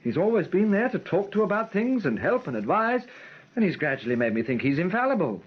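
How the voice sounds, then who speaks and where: An actor playing an anxious, wry young aristocrat with a slightly husky voice. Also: male voice, sits high, sing-song, brisk, highs cut off, full character voice. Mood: fretful. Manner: wry, fretful, clipped.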